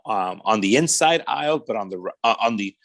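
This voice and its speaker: A pastor with a brisk, lowish male voice shares his personal testimony in a podcast interview. He talks in casual street slang, keeps saying "man," and animates his story by performing the voices of the people in it.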